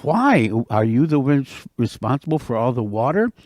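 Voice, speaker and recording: A man's voice: medium pitch, sing-song, normal speed, darkish tone, dry recording, clean studio sound, natural voice. A man doing a sly little snapping turtle. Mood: pleading. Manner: sly, pleading, then boastful. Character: small clever male snapping turtle.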